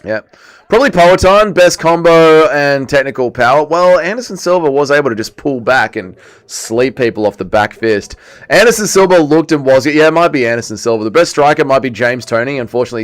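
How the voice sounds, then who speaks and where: An excitable young man with a Welsh accent, talking fast and loose as he hosts a live watch-along stream. His voice sits in an ordinary middle register. Faint music hums behind him. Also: mid-range voice. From Wales. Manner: excitable, chatty, reads chat aloud. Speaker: livestream host. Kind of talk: casual livestream watch-along commentary.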